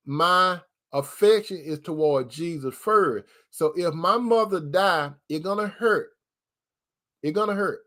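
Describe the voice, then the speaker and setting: A host with a high, slightly bright voice offers relationship advice from a Christian perspective, speaking to viewers in a preaching style. He's repetitive and emphatic, driving each point home and addressing his audience as brother and sister.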